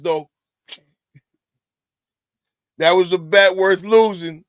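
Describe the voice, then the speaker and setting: A man hosting a livestream, loud and excitable, often shouting as he talks to his chat. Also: very high voice, slow, dry recording. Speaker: livestream host. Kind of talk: reacting to a clip for chat.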